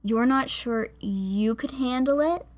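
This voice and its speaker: Brief: woman narrator doing an angry, defensive young woman in an audiobook, sharp-tongued, slow and a little high. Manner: sharp, lashing out.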